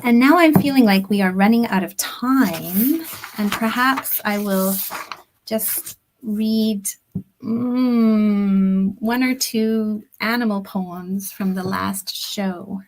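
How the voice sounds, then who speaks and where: A middle-aged woman, a poet, reading her own poems aloud at a book launch over a video call. Her reading is deliberate and measured, and some phrases sink into a soft near-whisper. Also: mid-range voice, slight background noise, low-quality recording. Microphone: computer or headset mic on a video call.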